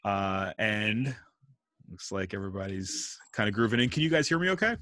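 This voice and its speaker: A man hosting a casual interview over a video call, relaxed and friendly, using jazz slang. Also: fairly low pitch, normal speed. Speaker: host, band director.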